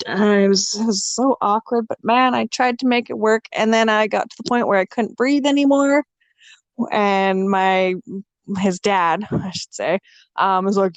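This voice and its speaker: A woman's voice: mid-range voice, normal speed, dry recording. A young woman guest on a casual podcast, telling her story frankly and with humor, swearing freely and acting out what people said. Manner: swears freely and acts out quoted dialogue; lively, frank and joking.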